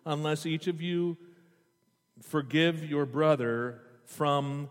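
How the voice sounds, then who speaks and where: A man's voice: fairly high pitch, takes it slowly, smooth. A man preaching a sermon. He reads scripture aloud, stops often to explain it and puts questions to the congregation. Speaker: pastor. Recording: long hall reverb.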